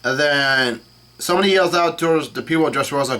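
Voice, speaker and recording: A man casually reading a comic chapter aloud and commenting on it, with the dialogue in a flat voice and frequent fillers and self-corrections. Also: medium pitch, fairly quick. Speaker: channel host reacting to a comic chapter.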